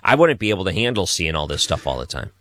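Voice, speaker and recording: Low-voiced guy hosting, chatty and sympathetic, dry sound. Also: very animated, quick pace, a bit bright, no room sound. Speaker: host. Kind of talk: conversational interview.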